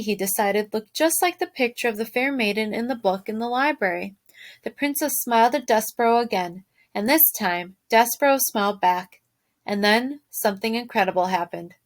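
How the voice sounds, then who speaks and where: A woman teacher reading a storybook aloud to her class, expressive and stopping to ask them questions. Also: mid-range voice.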